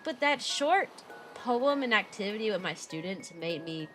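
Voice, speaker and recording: A young woman chatting casually on a livestream, bubbly and animated, laughing often as she reads viewer messages aloud. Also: medium pitch, normal speed, faint music behind. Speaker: VTuber streamer and kindergarten teacher.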